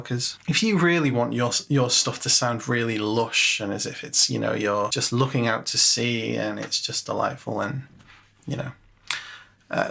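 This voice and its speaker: Male music tutor, mid pitch with some fry, talks casually and thinks aloud at a desk mic. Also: sharp tone. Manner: chatty, self-mocking, thinks aloud with fillers. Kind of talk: casual screen-share tutorial.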